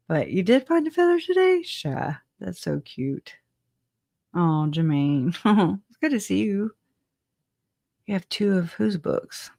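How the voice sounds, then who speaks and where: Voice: medium pitch, very animated, slow pace, vocal fry, pauses often, darkish tone, dry recording, clean studio sound. A guest telling their side of a personal story in a casual, rambling way, laughing often, trailing off with "anyways" and answering live chat comments.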